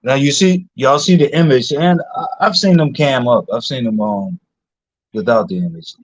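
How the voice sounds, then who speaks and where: A man's voice: mid-range voice, moderate pace, no room sound. Chatty man hosting, dull dry sound. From Philadelphia. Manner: chatty, laughs often, many fillers. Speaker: host. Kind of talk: casual live-stream chat.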